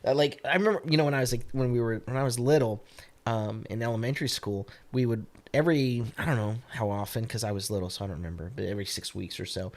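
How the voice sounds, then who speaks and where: A man's voice: mid-range voice, quick pace, darkish tone. A middle-aged man co-hosting a podcast, chatting casually with frequent agreeing fillers. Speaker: podcast co-host. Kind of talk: casual chat.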